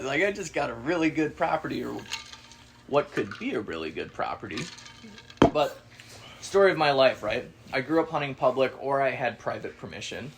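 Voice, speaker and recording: A man's voice: mid-range voice, normal speed, vocal fry, noisy background. A man co-hosting a podcast, telling a casual story, swearing freely and acting out the people he quotes. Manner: animated, swearing, acts out quoted voices. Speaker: podcast co-host.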